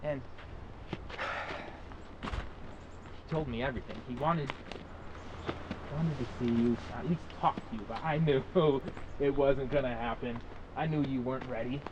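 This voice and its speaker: A young man playing an estranged brother, talking in a raw, halting way with swearing and restarts. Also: mid-range voice, lo-fi sound, noisy background, natural voice. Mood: pleading. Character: estranged brother, bitter yet pleading for forgiveness. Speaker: actor. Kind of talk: indie short film acting.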